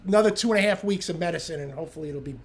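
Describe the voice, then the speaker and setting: A man co-hosting a casual podcast, low-key and swearing, with hesitant fillers. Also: very fast, slight background noise. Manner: low-key, mumbling, profane. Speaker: podcast co-host.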